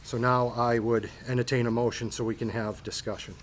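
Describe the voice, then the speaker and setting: A man's voice: medium pitch, level tone, background noise. Man reading formal findings aloud. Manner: measured, formal, procedural. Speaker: board chair reading findings. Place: town board meeting room.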